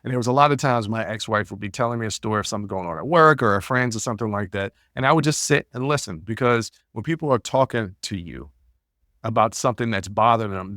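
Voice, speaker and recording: A man's voice: on the low side, a bit bright, no room sound, studio quality. A man hosting a podcast, telling stories in a blunt, casual way and often repeating words as he thinks. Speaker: podcast host. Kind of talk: casual storytelling monologue.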